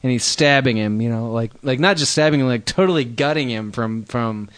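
A mid-pitched man trading crude jokes as a podcast co-host. He recounts grim news stories in a loose, irreverent way. The sound is dry and close, with no room around it. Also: brisk, fairly bright tone, dry recording. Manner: irreverent, joking, reads out news quotes. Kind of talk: casual crude banter about news.

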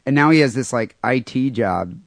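A man's voice: mid-range voice, expressive, moderate pace, no echo, clean studio sound. A man co-hosting a casual podcast, talking offhandedly and irreverently, often repeating words as he starts a thought. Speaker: podcast co-host.

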